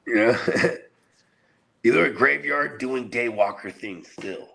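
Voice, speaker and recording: Gravelly man in casual, profane chat. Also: medium pitch, takes it slowly, pushed and bright. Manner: profane, laid-back storytelling. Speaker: podcast host.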